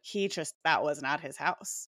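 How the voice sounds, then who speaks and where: A woman's voice: sits low, a little slow, a bit bright, no echo, clean studio sound. A woman co-hosting a podcast, chatting casually, giggling and trailing off with fillers. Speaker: podcast co-host. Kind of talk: casual chat.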